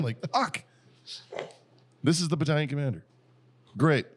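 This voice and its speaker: A man's voice: on the high side, very animated, unhurried, a bit bright, husky. A middle-aged American man telling profane stories in casual podcast chat, laughing often as he goes. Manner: profane, storytelling, laughs a lot. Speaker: podcast host.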